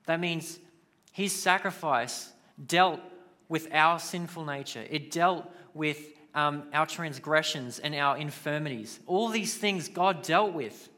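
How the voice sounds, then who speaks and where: A man's voice: fairly high pitch, slow, pushed and bright. A man preaching a sermon in a conversational way, with casual asides. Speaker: pastor.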